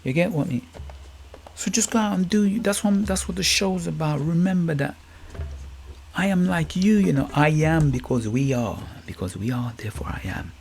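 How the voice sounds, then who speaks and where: A man's voice: a little high, normal speed, vocal fry, a little mellow, a little hiss or hum. A middle-aged man from Guyana with a Guyanese Caribbean accent, hosting a reflective motivational podcast monologue, musing, repeating words and checking in with "you get me?". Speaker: podcast host. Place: England.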